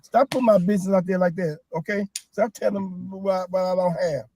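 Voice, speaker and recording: Frantic high-voiced man yelling. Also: fairly even intonation, a little fast, a little hiss or hum, rough recording. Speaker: passenger in a comedy skit. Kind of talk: improvised comedy skit.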